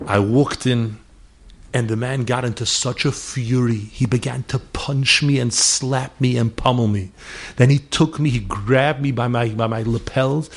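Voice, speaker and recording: A middle-aged man delivers a holiday sermon as a string of stories, his voice sitting at an ordinary pitch. He weaves Yiddish and Hebrew words into his English and speaks the lines of the people in his tales. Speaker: rabbi giving a holiday talk. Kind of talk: sermon with storytelling.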